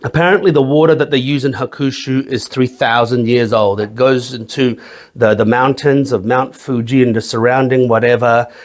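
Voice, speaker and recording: A man's voice: medium pitch, steady tone, moderate pace. A man hosting his own whisky review channel, talking casually with crude jokes and swearing, rambling and tagging lines with "okay?". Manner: profane, joking, rambling, says "okay?" often.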